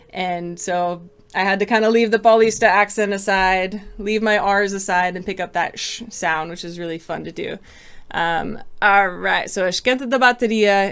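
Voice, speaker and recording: A woman's voice: mid-range voice, clear, resonant tone. A young woman giving a casual online samba lesson, chatty and upbeat, mixing in Portuguese phrases. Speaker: samba drum teacher.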